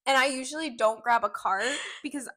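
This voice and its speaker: A young woman co-hosting a podcast in casual chat, playful and teasing with quick reactions. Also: high voice, a bit bright. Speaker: podcast co-host.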